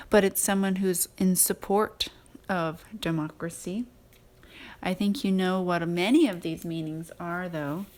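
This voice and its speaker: Slow, patient woman teaching spelling. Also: lowish voice. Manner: slow, patient, sounding out words. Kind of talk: recorded spelling lesson.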